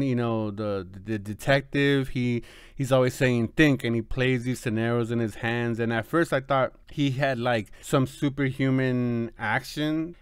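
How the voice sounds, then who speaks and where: A man talking through a movie review in a loose, rambling way, stopping and restarting often. His voice is smooth and crisp, at a middle pitch. The sound is dry and close. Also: no room sound. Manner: rambling, full of fillers and restarts. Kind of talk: casual spoken review.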